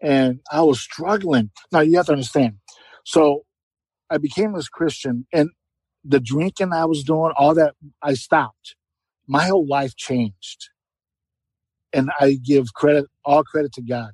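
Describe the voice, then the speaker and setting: Earnest husky middle-aged man. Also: a little high, measured pace, darkish tone, no room sound, low-quality recording. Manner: earnest, heartfelt, repeats phrases for emphasis. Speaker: guest. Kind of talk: emotional personal testimony.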